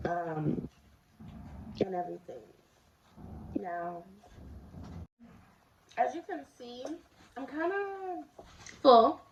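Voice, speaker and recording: A woman's voice: medium pitch, expressive, very slow, long pauses, a little mellow, a little hiss or hum. Chatty woman vlogger in an echoey room. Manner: chatty, confiding, addresses viewers directly. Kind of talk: casual storytime while eating. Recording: roomy, slightly dull home recording.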